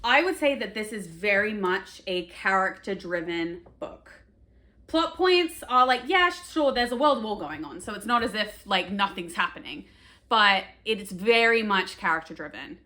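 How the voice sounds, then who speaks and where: A woman's voice: medium pitch, expressive, moderate pace, bright, forceful tone. A woman book vlogger chatting casually to camera, with lots of "like" fillers and playful drama.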